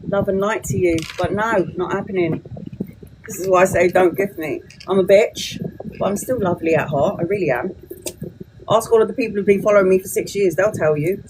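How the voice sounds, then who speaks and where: Over background noise, a medium-pitched woman in her forties streams live from her phone as a tarot reader. She's casual and blunt, swears freely, and is quick to vent.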